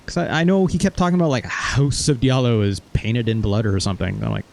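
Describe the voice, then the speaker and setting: A man's voice: medium pitch, fast, gravelly, a little mellow. Casual male gaming host, rambling recap, loose and profane, mid-range voice. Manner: rambling, swears casually, recaps with quoted asides. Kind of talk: casual let's-play commentary.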